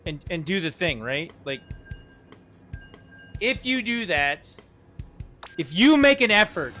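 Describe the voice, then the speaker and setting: A young man talks to his stream in loose, rambling sentences full of "like" and "you know." His voice sits high and sounds bright and forceful. Faint game music plays underneath. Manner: rambling, conversational, lots of fillers. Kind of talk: casual chat while gaming.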